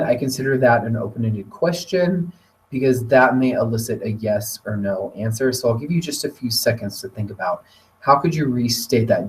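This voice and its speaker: A man presenting a teacher training webinar, talking in a relaxed conversational way with occasional fillers. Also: mid-range voice, moderate pace. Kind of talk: webinar lecture. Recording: voice distant from the mic.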